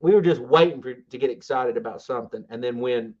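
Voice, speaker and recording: A man co-hosting a sports podcast, rambling enthusiastically with lots of fillers and false starts. His voice sits at a middle pitch for a man. The recording sounds a bit dull and muffled. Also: fairly quick, darkish tone. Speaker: podcast co-host. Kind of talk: casual sports podcast chat.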